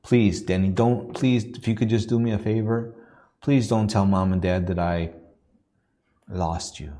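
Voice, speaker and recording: A man quoting his older sister as a young girl, anxiously begging in a soft voice. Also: fairly low pitch, fairly even intonation, unhurried, natural voice. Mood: pleading.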